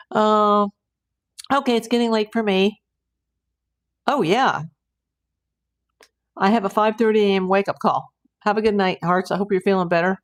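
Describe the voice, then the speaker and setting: A woman's voice: medium pitch, fairly even intonation, measured pace, long pauses. A woman, a private investigator, hosting a casual live stream from home and chatting as she answers viewer comments aloud.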